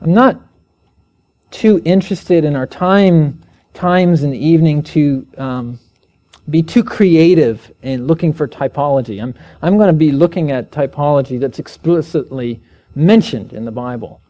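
Preacher, male, slightly high, mellow tone; earnest teaching style. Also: measured pace, lo-fi sound. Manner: earnest, asks the listeners questions, raises pitch when reading scripture aloud. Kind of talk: evening Bible teaching sermon.

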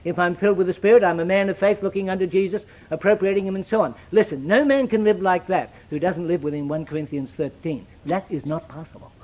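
Here a high-sitting male voice preaches a sermon in an antique, biblical cadence. It rises to loud, emphatic pronouncements and drops to hushed, solemn asides.

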